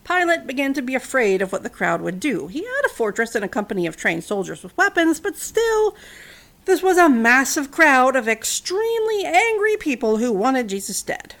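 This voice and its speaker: Lively, chatty woman retelling a Bible story. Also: high-pitched, normal speed. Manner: chatty asides with fillers, wry remarks.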